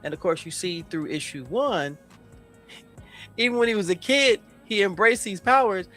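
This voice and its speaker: A man co-hosting a casual comic review podcast, animated and profane, acting out characters as he talks. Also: sits high, normal speed, soft background music. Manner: animated, profane, acts out characters mid-story. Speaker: podcast co-host.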